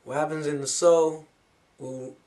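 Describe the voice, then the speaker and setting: A man's voice: on the high side, fairly even intonation, measured pace. A man musing casually to camera about spiritual dimensions, wandering from thought to thought and trailing off. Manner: musing, wandering, with soft laughs and trailing-off phrases. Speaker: spiritual vlogger.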